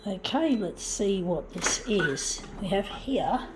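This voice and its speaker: A woman's voice: medium pitch, expressive, slow. A middle-aged woman vlogging in a blunt, ranting way and swearing freely as she chats while photocopying, with a photocopier's mechanical noise behind her. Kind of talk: casual chat while photocopying.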